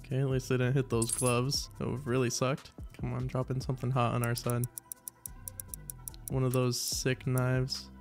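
Congested man cursing through excited commentary. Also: mid-range voice, normal speed, soft background music. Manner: excitable, swears often, pleads with the screen. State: congested, stuffy nose. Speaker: gaming video creator. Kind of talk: casual live commentary while opening cases.

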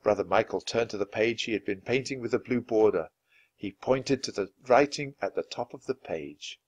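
A man reading a children's chapter book aloud in an expressive, lively way. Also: fairly low pitch, moderate pace, dull audio. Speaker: storybook reader. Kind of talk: children's story read-aloud.

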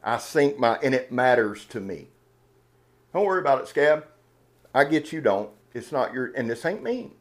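A man's voice: medium pitch, very animated, normal speed. A man hosting a knife channel, talking in a casual, earnest and emotional way, rambling with restarts. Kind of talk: casual unboxing vlog talk.

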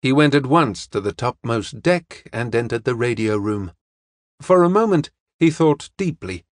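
A man narrating a detective novel as an audiobook in a steady, measured way. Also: medium pitch, dry recording, clean studio sound.

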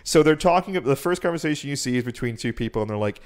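A man's voice: mid-range voice, lively intonation, fast talker, clear, resonant tone. A young man co-hosting a podcast, retelling a game's story in a rambling, profane, casual way. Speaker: podcast co-host. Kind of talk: casual chat.

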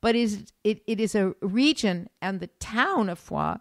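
A woman's voice: medium pitch, animated, a little slow, dry recording, clean studio sound. A woman with an American accent, co-hosting a casual travel podcast and explaining things in a teacherly way, with fillers and restarts. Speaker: podcast co-host; former art school teacher.

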